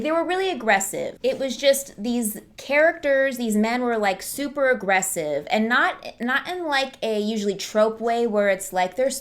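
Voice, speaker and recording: A young woman hosting her own horror movie review, talking casually and animatedly, mocking the characters by quoting them in put-on voices. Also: a little high.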